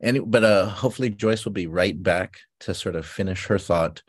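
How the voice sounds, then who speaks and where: Low male host from Guam, rambling and reflective, video call chat. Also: fairly quick, husky. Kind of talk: casual panel chat.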